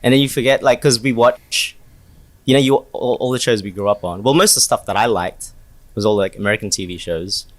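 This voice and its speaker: A man's voice: lowish voice, a little fast, no echo. Chatty man on a podcast, dry sound. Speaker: podcast co-host. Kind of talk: casual chat.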